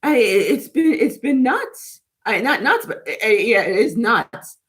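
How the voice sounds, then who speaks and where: A woman with a fairly high voice, talking in a loose, rambling way on a spiritual livestream. She chats casually with viewers and reacts to their comments as they come in. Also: sing-song, unhurried, a bit bright. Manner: rambling, chatty, reads and answers live comments. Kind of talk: casual live chat with viewers.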